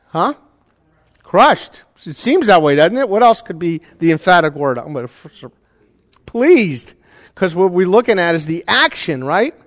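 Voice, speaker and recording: Pastor guy preaching, chatty, keeps asking if folks are with him, kinda high voice, long hall echo. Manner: conversational preaching, checks in with the congregation. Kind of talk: sermon.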